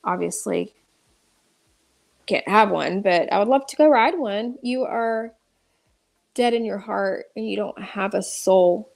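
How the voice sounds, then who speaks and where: A woman's voice: medium pitch, slow pace, gravelly, pauses often, a little mellow. A woman ranting through live commentary, exasperated and restarting often. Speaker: drama commentary streamer.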